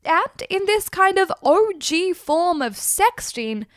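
A woman's voice: very high-pitched, very animated, slow pace, no room sound, studio quality. A woman hosting irreverent literary commentary, speaking crudely and laughing often as she talks. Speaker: host.

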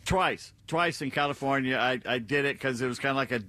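An older man co-hosting a talk radio show, telling stories in an animated way and acting out quotes, on a studio microphone. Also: mid-range voice, fairly quick, a little hiss or hum. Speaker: radio co-host.

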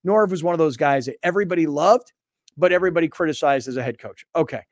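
A man hosting a sports radio show, telling stories in a casual, animated way and acting out both sides of old arguments. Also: a little high, fast talker, no room sound. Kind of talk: casual storytelling chat.

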